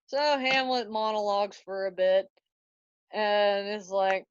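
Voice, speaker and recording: A woman's voice: medium pitch, takes it slowly, smooth, no echo. A woman student retelling a play in a chatty, slangy way, on a dry, dull recording. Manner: slangy, chatty, laughs at own jokes. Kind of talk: casual story retelling.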